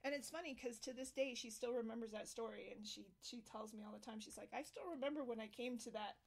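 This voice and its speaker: Animated high-voiced woman storytelling. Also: fast talker, gravelly. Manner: animated, acts out quotes in higher voices. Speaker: host. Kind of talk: casual storytelling interview. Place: home.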